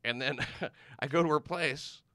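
Bright-voiced rambling storyteller man. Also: on the high side, measured pace, no room sound. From United States. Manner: rambling storyteller, trails off with fillers. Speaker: comedian guest. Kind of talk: casual chat.

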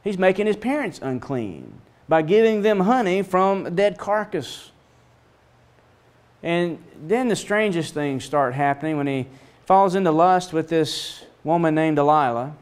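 A middle-aged man teaching a Bible lesson in a lively storytelling way, acting out the voices of the people in the story. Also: a little slow, clear, resonant tone. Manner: storytelling, acts out voices with big pitch swings.

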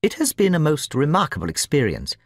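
A man reading Sherlock Holmes, brisk and sure. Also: fairly high pitch, wildly swooping pitch, no room sound, studio quality. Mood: assured. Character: brisk, confident, teasing male detective.

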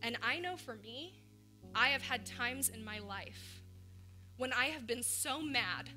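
A woman with a high, bright-pitched voice preaches in a church, chatty and emphatic, leaning hard into the drama of the story. Music plays softly underneath her. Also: slow pace. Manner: animated, emphatic storytelling with casual asides. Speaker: pastor. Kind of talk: conversational sermon.

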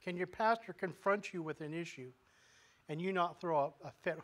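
A man's voice: high-pitched, normal speed. A male pastor preaching a sermon in a conversational way, asking the congregation rhetorical questions and often repeating words as he goes.

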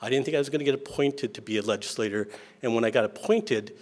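A man's voice: mid-range voice, quick pace, a little mellow. A middle-aged man giving an informal speech as a state legislator, folksy and self-deprecating, telling stories about himself. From Eastern Washington, USA. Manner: folksy, self-deprecating, acts out family dialogue.

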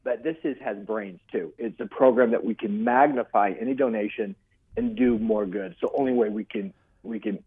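Husky older man over a phone line. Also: fairly low pitch, moderate pace. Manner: earnest, rambling storytelling with many restarts. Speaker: author and guest. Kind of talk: casual interview chat.

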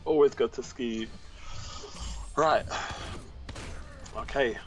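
Easygoing co-commentator. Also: male voice, mid-range voice, slow, faint music behind. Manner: easygoing, reads chat aloud, laughs often. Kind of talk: laid-back livestream banter.

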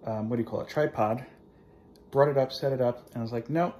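A man's voice: medium pitch, fairly even intonation, fast talker, mellow, a little hiss or hum. Jokey man filming his kitchen vlog. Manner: jokey, self-deprecating, chatty with asides. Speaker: cooking vlog host. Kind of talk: casual self-filmed cooking vlog. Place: home kitchen. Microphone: handheld phone camera.

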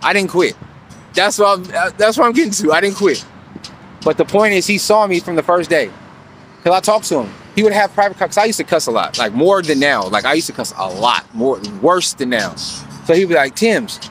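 A man with a somewhat high-set voice rambles through a casual monologue, slangy and full of swearing. He keeps checking in with the listener, and faint street and car noise hums behind him. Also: expressive, fairly quick, fairly bright tone. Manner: profane, slangy, keeps asking "you feel me". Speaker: vlogger giving financial advice.

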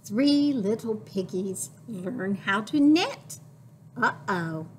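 A woman librarian leading a baby storytime, singing rhymes and reading a picture book in an exaggerated, playful voice with sudden high squeals. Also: expressive, a little hiss or hum. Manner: slow, drawn-out and sing-song. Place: public library.

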